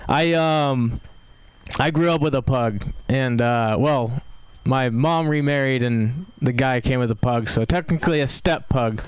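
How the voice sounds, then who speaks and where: A man's voice: mid-range voice, a little slow, smooth, no echo. A young man from Seattle doing an open mic stand-up set, rambling with fillers and laughing at his own jokes. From Seattle, USA. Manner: rambling, filler-heavy delivery with self-amused laughs. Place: comedy club stage.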